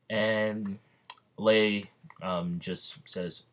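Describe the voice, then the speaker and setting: A man with a low voice retells an imagined story in a casual, rambling way. He stops often for ums and restarts, and sounds a little out of breath. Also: a little slow, a bit bright. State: slightly out of breath. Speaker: fan narrating an imagined crossover story.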